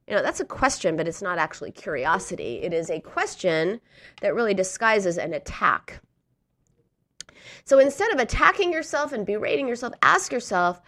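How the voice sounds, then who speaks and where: A woman speaks in an earnest, encouraging coaching talk, her pitch rising and falling a lot as she goes. She sometimes slips into a harsh inner voice. The sound is dry and close, with no room around it. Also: sing-song, moderate pace, a bit bright, no room sound. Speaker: speaker on emotional eating.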